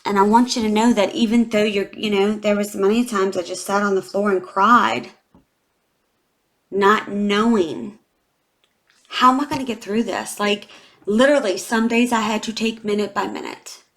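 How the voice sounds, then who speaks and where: A woman's voice: medium pitch, fairly even intonation, moderate pace. Woman, forties, tarot reader; candid and emotional, talks straight to her viewers with many fillers. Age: 40s. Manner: heartfelt, confiding, with many fillers. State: emotional, near tears. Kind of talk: emotional tarot reading vlog.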